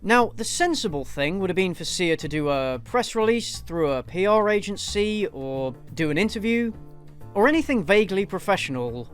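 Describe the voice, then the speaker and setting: Man, scripted review narration, lively intonation, fairly high voice, sarcastic. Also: moderate pace, faint music behind. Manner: sarcastic, blunt, profane. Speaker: video essay host.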